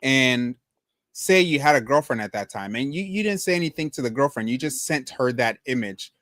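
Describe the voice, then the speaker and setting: A man's voice: mid-range voice, animated, normal speed, a bit bright, dry recording, clean studio sound. A man co-hosting a casual podcast, talking in a laid-back, rambling way with lots of fillers. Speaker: co-host.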